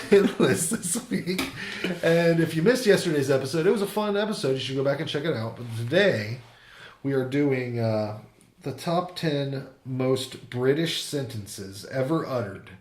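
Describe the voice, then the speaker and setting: A man's voice: mid-range voice, animated, normal speed, echoey room, a little hiss or hum. Giggly, rambling man hosting a show. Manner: rambling, giggly, restarts often. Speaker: show host. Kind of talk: casual comedic chat.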